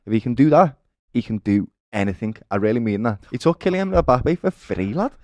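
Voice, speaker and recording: Here a Liverpool-accented man co-hosts an animated football fan show with emphasis and passion, repeatedly addressing people as "lad" and "brother." He speaks at medium pitch, fairly quickly, in a sing-song, slightly mellow way, with no room sound.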